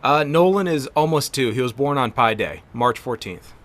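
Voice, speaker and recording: A man's voice: medium pitch, normal speed. A young man hosting a casual chat, joking and teasing his friends. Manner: teasing, jokey, lively.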